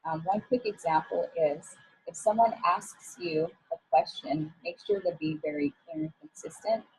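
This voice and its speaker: A woman with a lowish, gravelly voice coaches listeners on workplace communication in a relaxed, encouraging talk. Her tone is mellow and dark, and she often pauses on fillers. Faint noise sits under the recording. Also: rough recording. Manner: casual and encouraging, with frequent fillers. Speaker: image coach. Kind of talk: professional development talk.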